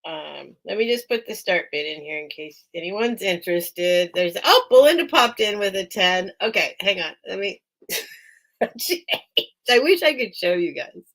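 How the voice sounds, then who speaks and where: Bright-voiced woman chatting on a live sale. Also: lowish voice, lively intonation, moderate pace, few pauses. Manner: chatty, easily distracted, laughs often. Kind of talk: casual live-stream selling chat. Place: small room at home with a towel under the door.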